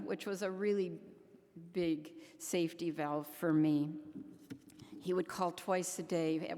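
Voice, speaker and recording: An older woman gives an earnest conference talk, speaking haltingly and often restarting her sentences. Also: lowish voice, darkish tone. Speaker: keynote speaker. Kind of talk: conference speech. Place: large conference hall. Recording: echoey hall.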